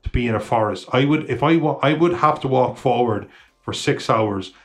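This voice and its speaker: A man co-hosting a film podcast, chatting casually in a middle-pitched voice. He rambles, restarts his sentences and swears often. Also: moderate pace. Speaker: podcast co-host. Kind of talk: casual chat.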